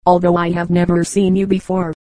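A woman's voice: fairly low pitch, monotone, a little fast, dark tone, dry recording, lightly acted. A woman voicing a good-tempered, easygoing aunt in her thirties, with a mild and slightly proud manner.

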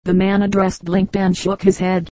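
Casting: measured woman audiobook reader, warm dark tone, dry close mic. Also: mid-range voice, monotone, dry recording, poor audio. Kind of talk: scripted narration of anecdotes.

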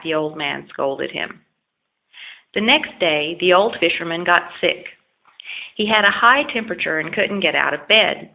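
A woman reading a children's folk tale aloud at a steady, plain pace. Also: on the low side, moderate pace. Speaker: audiobook reader. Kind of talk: storybook narration. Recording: tinny phone-like lo-fi recording.

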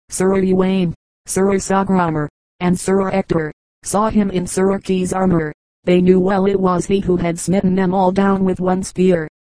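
A woman narrating an audiobook in a measured storytelling manner. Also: medium pitch, warm tone, no echo, poor audio. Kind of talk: audiobook reading.

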